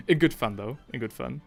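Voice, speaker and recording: A man's voice: medium pitch, sing-song, measured pace, vocal fry, husky, soft background music. A man hosting a casual live stream while painting miniatures, rambling and correcting himself as he reads the chat aloud. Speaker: livestream host painting miniatures. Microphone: headphones with desk mic.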